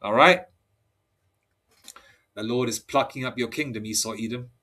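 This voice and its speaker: Man, solo preacher; rambles, restarts, reads scripture slowly, flares up hot. Mid-pitched. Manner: excitable, heated outbursts. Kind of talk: solo religious monologue.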